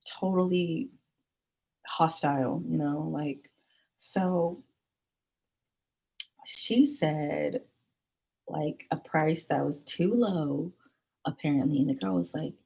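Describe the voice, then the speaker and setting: A young woman chats to camera as a vlogger, spinning a long, rambling anecdote. Her voice sits a little low and husky, and she jumps into high, excited squeals as the story heats up. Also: slow, pauses often.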